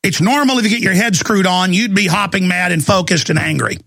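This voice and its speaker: A man's voice: high-pitched, fairly quick, creaky, pushed and bright, no room sound. A man hosting a call-in talk show, delivering an angry, intense ranting monologue. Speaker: talk show host taking calls.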